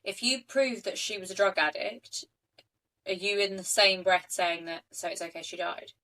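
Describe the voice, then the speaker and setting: A woman, co-hosting a true-crime podcast and reacting with quick interjections. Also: medium pitch, steady tone, fairly bright tone, poor audio. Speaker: podcast co-host.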